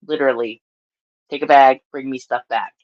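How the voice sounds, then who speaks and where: A woman's voice: rumbling low, steady tone, normal speed, darkish tone, dull audio. A woman with a Southern US accent chatting casually to her live-stream audience, rambling and laughing often.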